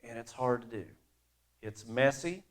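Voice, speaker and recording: Animated middle-aged male pastor preaching. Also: mid-range voice, measured pace. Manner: conversational and animated, swinging between loud emphasis and quiet asides. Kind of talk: sermon.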